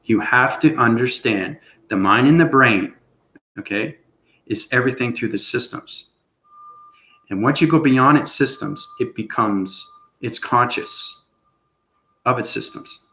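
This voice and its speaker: His medium-pitched voice sounds pushed and bright as he talks a little slowly, pausing often. Hosting his channel, the man rambles through an unscripted spiritual monologue, repeatedly adding "okay?", and the room is echoey.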